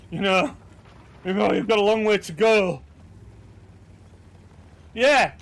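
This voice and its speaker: A man giving casual, sweary, excitable commentary over his own tank gameplay. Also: high voice, slow, vocal fry. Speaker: gaming commentator.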